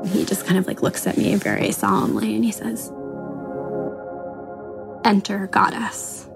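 A woman in her late thirties tells a candid personal story in an interview. Her voice has a gravelly, creaky edge and a faint bed of music runs behind it. She is wry and self-mocking and laughs often. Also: medium pitch, big pitch swings, fast. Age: 30s.

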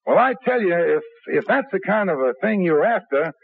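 An actor playing an eager, persuasive young radio performer in a 1950s radio drama. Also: male voice, sits high, animated, normal speed, vocal fry, breathy edge, heavily acted. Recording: tinny old radio broadcast.

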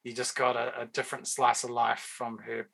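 A man's voice: medium pitch, monotone, normal speed, vocal fry, bright, forceful tone, breathy edge. A man co-hosting a casual podcast, jokey and given to laughing banter. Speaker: podcast co-host. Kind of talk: casual chat.

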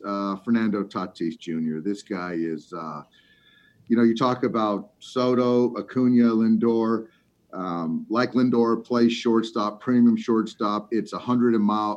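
Man telling animated stories, muffled audio. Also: lowish voice. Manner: storytelling, animated, with many fillers. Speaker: former ballplayer and baseball analyst. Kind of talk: casual sports chat.

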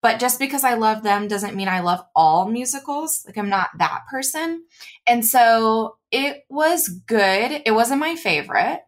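A woman's voice: fairly high pitch, expressive. Chatty woman podcast co-host. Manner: chatty, quick to laugh and react. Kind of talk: casual chat.

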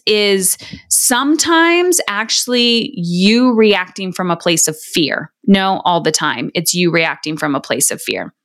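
Woman host, 30s, casual earnest parenting coach, mid pitch, conversational. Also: fairly bright tone. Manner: earnest, conversational, acts out quoted lines. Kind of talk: casual advice talk.

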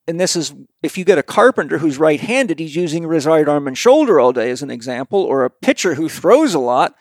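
Brief: a gravelly, slightly higher-voiced man, a blunt health practitioner talking casually. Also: no room sound, studio quality. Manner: blunt, profane, animated storyteller. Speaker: guest practitioner. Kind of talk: casual conversational explanation.

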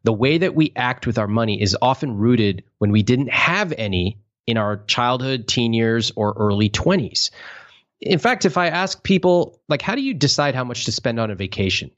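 Brief: male podcast host, very expressive pitch, slightly dull lo-fi sound, acts out quotes. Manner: animated storyteller, acts out quotes in exaggerated voices. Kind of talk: casual podcast talk.

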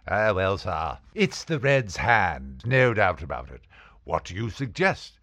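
A man doing an impression of a slow-drawling old-time cowboy film star. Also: sits low, big pitch swings, fairly bright tone, no room sound, exaggerated voice.

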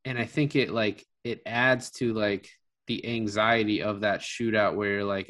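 A man's voice: fairly low pitch, steady tone, measured pace, a bit bright. A man casually reviewing a film with a co-host, rambling with many fillers and restarts. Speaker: podcast co-host. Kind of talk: casual movie review chat.

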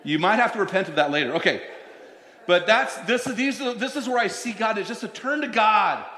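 Preaching pastor with a higher voice. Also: male voice, expressive, sharp tone. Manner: storytelling, slows down to stress scripture. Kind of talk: sermon. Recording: echoey hall, long reverb.

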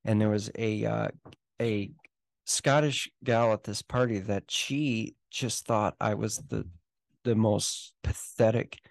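Gravelly, low-voiced man. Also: steady tone, slow pace, no room sound. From United States. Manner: rambling storyteller, swears casually. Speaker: podcast co-host. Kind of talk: casual chat.

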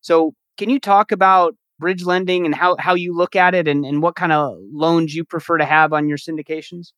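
A man's voice: on the high side, flat delivery, normal speed, a bit bright, clear, resonant tone, no room sound. A man hosting a podcast interview, asking questions and agreeing in a thoughtful way, with small restarts. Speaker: podcast host.

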